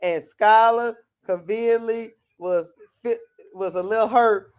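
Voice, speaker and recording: A man with a very high voice chats on a casual sports talk panel. He is animated, laughs often and talks over the others. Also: a little slow, clear, resonant tone.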